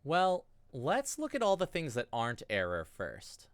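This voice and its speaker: A man's voice: mid-range voice, wildly swooping pitch, normal speed, few pauses, dry recording. A man streaming a card game, rambling and joking as he plays. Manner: rambling, jokey. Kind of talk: casual gameplay commentary.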